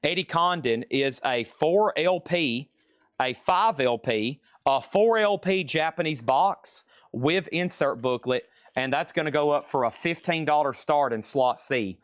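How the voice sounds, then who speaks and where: A man's voice: fairly high pitch, lively intonation, unhurried, dry recording, studio quality. A man hosting a live-streamed record sale. He chats and jokes like a salesman while calling out prices and buyers. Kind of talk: live auction sales patter.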